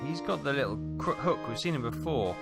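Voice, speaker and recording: A man's voice: mid-range voice, lively intonation, a little fast, vocal fry. A Welsh man giving rambling let's play commentary, muttering and thinking aloud as he pieces things together. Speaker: game streamer. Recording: voice over game music. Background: game music.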